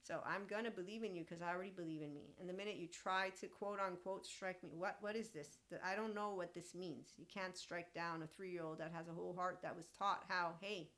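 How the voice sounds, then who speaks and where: A woman's voice: fairly low pitch, fairly even intonation, a little fast, hardly any pauses, a bit bright. A woman hosting a podcast, talking casually and animatedly, often laughing and acting out quoted lines. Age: young adult. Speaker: podcast host and mentor. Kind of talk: casual monologue.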